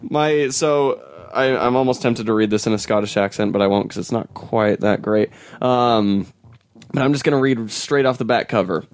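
A man's voice: mid-range voice, normal speed, dry recording. A man hosting a casual comics chat, laid-back, laughing often and trailing off into fillers. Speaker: podcast host.

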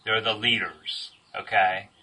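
A man's voice: fairly low pitch, flat delivery, a little slow, pushed and bright, husky, recorded from a distance, rough recording. A man leading a group Bible study, asking questions and praising the answers he gets. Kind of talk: interactive Bible study teaching.

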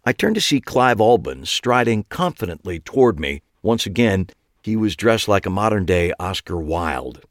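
A man narrating a first-person audiobook in a wry, expressive way. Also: fairly low pitch, moderate pace, no echo, studio quality.

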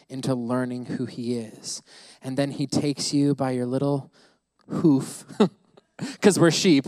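A man's voice: medium pitch, a little mellow, no echo. A man preaching a sermon to his church, playful and laughing between points. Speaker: pastor. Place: church service.

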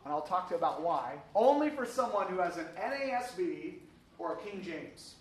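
A man's voice: high-pitched, very animated, moderate pace, a little hiss or hum. A man teaching a Sunday school class, upbeat and joking as he calls on readers. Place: church classroom.

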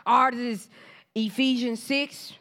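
A woman in her forties giving a casual testimony sermon, telling animated stories, acting out quoted voices, laughing often and speaking straight to the congregation. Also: a little high, slow. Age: 40s. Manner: informal church talk, addresses the congregation directly.

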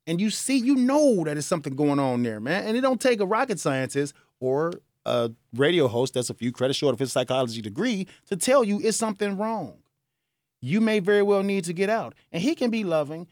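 A man hosting a radio advice show, talking in a lively, folksy way. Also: on the high side, no room sound, studio quality. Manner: lively, folksy, laughs at himself. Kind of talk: casual advice talk. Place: radio studio. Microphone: studio mic.

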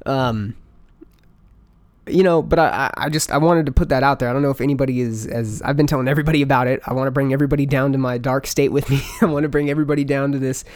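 A man's voice: mid-range voice, brisk, darkish tone, dry recording. A man talking in a casual monologue to listeners, rambling with lots of fillers and frequent swearing. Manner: rambling, profane, full of fillers.

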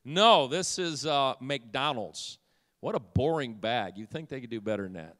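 A man's voice: medium pitch, animated, a little slow, fairly bright tone. A man preaching a playful sermon to a congregation, joking at first and then rising into fervent proclamation. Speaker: pastor. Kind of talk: humorous sermon. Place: church sanctuary. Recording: long reverb in a church hall.

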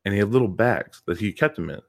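Fast and lively in intonation, a fairly low-voiced coach and PE teacher spins a long story on the casual podcast he co-hosts. He's emphatic, frequently repeating words for stress.

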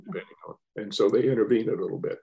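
A man's voice: lowish voice, rapid-fire, vocal fry, muffled recording. An older man, a guest, telling a rambling, wry story in casual chat.

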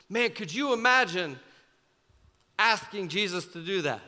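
A young man preaching to students as a youth pastor, telling the story in a casual, animated way with many fillers. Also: high voice, a little slow, long pauses. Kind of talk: sermon. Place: church auditorium. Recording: large hall with long reverb, faint music.

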